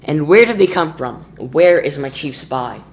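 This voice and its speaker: A man voicing a blustering, childish male president in a read-aloud storybook, loud and bossy. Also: fairly high pitch, animated, a little slow.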